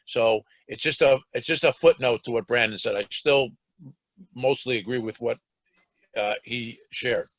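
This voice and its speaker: A man's voice: mid-range voice, unhurried, fairly bright tone, no echo. Guy on a finance panel call, hedging a lot, lots of uhs, audio kinda dull and dry. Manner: cautious, qualifying, filler-heavy. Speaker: banking panelist. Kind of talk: panel discussion on a video call.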